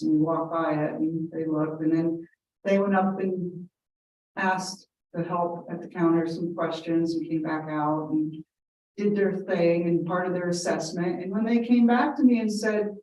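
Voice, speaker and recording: A woman's voice: on the low side, dark tone, a little hiss or hum. A woman giving a public comment at a town meeting, earnest and rambling, with frequent ums and quoted anecdotes. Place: large council chamber. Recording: echoey meeting room from far off.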